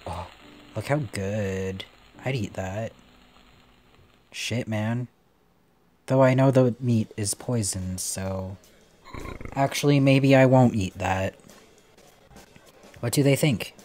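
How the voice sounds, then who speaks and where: Slow-talking man playing a puzzle game. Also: on the low side, a little mellow, soft background music. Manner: playful, swears casually, talks to game characters. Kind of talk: let's play commentary.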